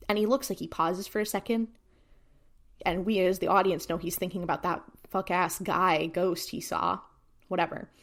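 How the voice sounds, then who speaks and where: A woman's voice: lowish voice, normal speed. A woman co-hosting a podcast, casually recapping an episode and acting out the characters' lines with lots of "like". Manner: animated retelling, acts out character lines. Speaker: podcast co-host.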